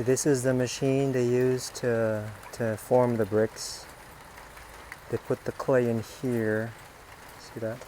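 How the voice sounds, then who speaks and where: A man's voice: on the low side, a little mellow, a little hiss or hum, low-quality recording. A man filming a casual travel vlog outdoors along a river, talking loosely to the camera with lots of fillers and restarts. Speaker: travel vlogger.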